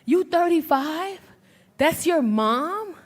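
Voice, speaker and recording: A woman's voice: very high voice, lively intonation, takes it slowly, background noise. A middle-aged woman performing stand-up on a club stage, teasing the audience with brash, profane banter. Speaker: stand-up comedian. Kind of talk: live stand-up set with crowd work. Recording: live audience laughter.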